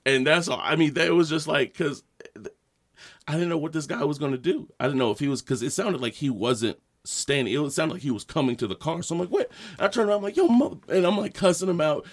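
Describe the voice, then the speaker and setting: With a fairly high voice and a quick pace, a podcast co-host rambles through a story in easygoing conversation. He's lively, laughs a lot, and swears heavily.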